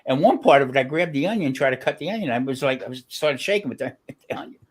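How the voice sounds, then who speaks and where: A man's voice: medium pitch, animated, fast. Rambling middle-aged man telling kitchen stories. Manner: rambling storyteller, laughs often. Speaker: guest chef. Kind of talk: casual chat on a video call.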